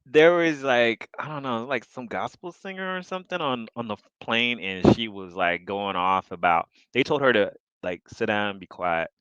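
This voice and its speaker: A man's voice: mid-range voice, animated, normal speed, few pauses, a bit bright, smooth, no room sound, muffled recording. A man chatting casually, wondering aloud and musing about things. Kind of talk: casual chat.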